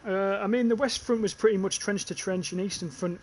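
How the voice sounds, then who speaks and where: A young man with a northeast English accent gives loose, chatty commentary while he plays a game live. His voice sits a little high for a man, and he swears freely and stumbles over restarts. There is a faint hum of noise behind him. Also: steady tone, fairly quick. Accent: northeast English, near North Yorkshire. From northeast England. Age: young adult. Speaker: gaming livestreamer. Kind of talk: casual live gameplay commentary.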